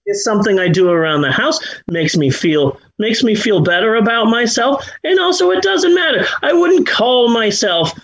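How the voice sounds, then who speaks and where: A man's voice: high-pitched, expressive, moderate pace, hardly any pauses, poor audio. A middle-aged man hosting a podcast, chatting casually in a rambling, self-deprecating way with many restarts. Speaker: podcast host. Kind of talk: casual chat.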